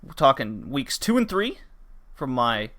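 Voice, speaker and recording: Bright-voiced young man hosting a podcast. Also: mid-range voice, sing-song. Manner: chatty, quick, loose with asides and laughs. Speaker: podcast host. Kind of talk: casual chat.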